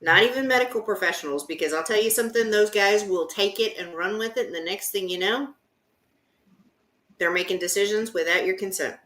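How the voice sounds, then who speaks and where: A woman's voice: medium pitch, a little fast, fairly bright tone. A woman contestant answering a game show question bluntly and with strong opinions, over a video call. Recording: roomy echo.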